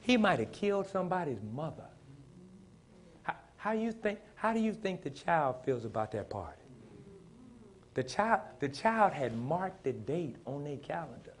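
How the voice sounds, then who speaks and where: A man preaching a sermon in plain, folksy speech, building to shouted emphasis and calling on the congregation to respond. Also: a little high, very animated, normal speed, a little hiss or hum. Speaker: pastor.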